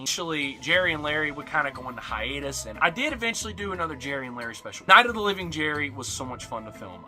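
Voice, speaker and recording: A young man narrating a look back at his own videos as a YouTuber, with animated, jumpy emphasis. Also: mid-range voice. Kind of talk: retrospective narration. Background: faint music.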